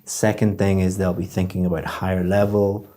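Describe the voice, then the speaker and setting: A deep, mellow male voice talks through feedback as an examiner would. He is patient and explanatory, pausing to act out sample sentences. The tone is that of a one-on-one tutoring session. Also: flat delivery. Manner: patient, explanatory, demonstrates phrases aloud. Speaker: IELTS examiner giving feedback.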